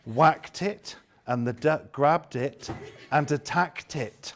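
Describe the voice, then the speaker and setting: A man leading a lively workshop demonstration, theatrical and teasing as he directs volunteers. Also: on the high side, takes it slowly, a crowd in the background. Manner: theatrical, playful, teasing volunteers with exaggerated delight. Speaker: education trainer leading a seminar.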